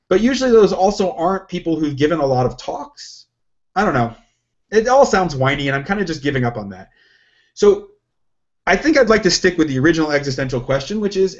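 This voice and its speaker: A man's voice: sits high, animated, a little fast. Rambling man on a lo-fi recording. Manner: rambling, self-questioning, many restarts. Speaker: podcast co-host. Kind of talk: casual chat. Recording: lo-fi, dull sound.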